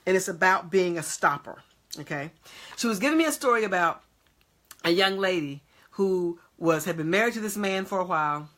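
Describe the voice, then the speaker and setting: Bright-voiced woman preaching emphatically. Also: fairly low pitch, animated, normal speed. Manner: emphatic, repeats short checks to the audience. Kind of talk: motivational sermon.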